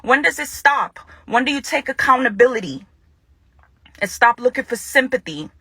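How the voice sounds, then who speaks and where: A young woman speaks with a bright, tense edge and a fairly high voice, heard close and dry. She confronts her ex head-on in a furious public statement, hammering her points by repeating them. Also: lively intonation, moderate pace, breathy edge, no room sound. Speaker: woman addressing her ex-partner in a public video.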